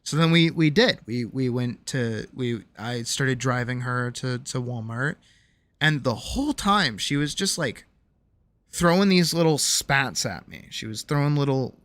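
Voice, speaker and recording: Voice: medium pitch, lively intonation, measured pace, fairly bright tone, no echo. Hesitant streamer telling a personal story. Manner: hesitant, lots of ums and restarts, reflective. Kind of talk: candid personal storytelling to a live chat. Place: home streaming room.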